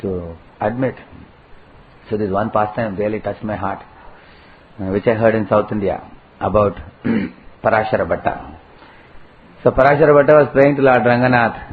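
A man giving a devotional talk, telling a story with many fillers and acted-out prayers. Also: mid-range voice. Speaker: spiritual speaker. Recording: tinny phone-like recording with faint noise.

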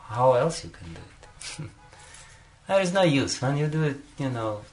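A man's voice: mid-range voice, lively intonation, a little slow, a little mellow, a little hiss or hum. A man giving a devotional talk as a spiritual teacher, telling a story and often chuckling between phrases, with frequent "you know" fillers.

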